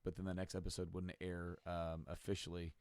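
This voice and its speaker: A man co-hosting a podcast in casual chat, retelling scenes in an animated way. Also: deep voice, fairly quick, dry recording. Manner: animated storyteller, acts out scenes with exaggerated voices. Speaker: podcast co-host.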